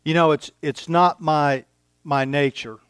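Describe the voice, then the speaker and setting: A man preaching a sermon, reading scripture aloud and pausing for effect between phrases. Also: fairly high pitch, steady tone, clean tone, dry recording, studio quality. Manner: slow, deliberate preaching with dramatic pauses, reading scripture aloud. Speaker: pastor.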